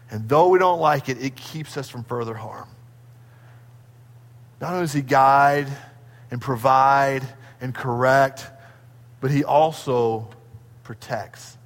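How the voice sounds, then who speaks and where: A middle-aged man preaching a sermon as a pastor, telling stories in an animated way. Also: takes it slowly, pauses often. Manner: animated storytelling, acting out his children in high squeals. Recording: long hall reverb.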